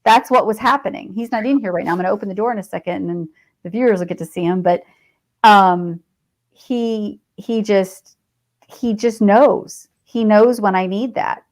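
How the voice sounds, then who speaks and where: A middle-aged woman talks as a podcast guest in an easy, conversational way. Her voice sits at an ordinary middle pitch. She tells personal stories freely, drifting into asides and fillers as she goes. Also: moderate pace, low-quality recording. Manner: chatty and digressive, with frequent fillers and laughs. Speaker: podcast guest, veteran and author. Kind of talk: casual conversational storytelling.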